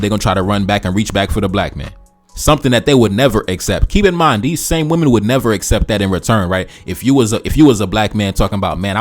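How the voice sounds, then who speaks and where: Preachy low-voiced man with faint music. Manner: preachy, repetitive, addresses listeners as brother. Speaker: commentary channel host. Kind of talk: reaction commentary.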